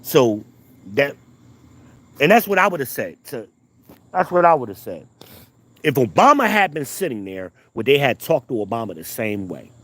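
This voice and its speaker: Adult American man, commentator, heated and repetitive, mid pitch. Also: sing-song, normal speed, long pauses, a bit bright. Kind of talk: casual rant.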